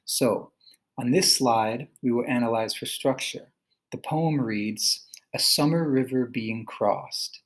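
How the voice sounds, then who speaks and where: Young man, teacher voice, recorded lesson narration; patient, spells words out slowly, mid pitch. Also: poor audio. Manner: patient, slows down to sound out words.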